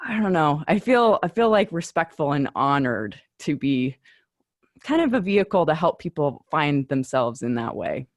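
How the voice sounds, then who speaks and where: A woman's voice: low-pitched, sing-song, normal speed, no echo, clean studio sound. A woman guest in a podcast interview, speaking earnestly and reflectively about teaching adults. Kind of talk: casual interview.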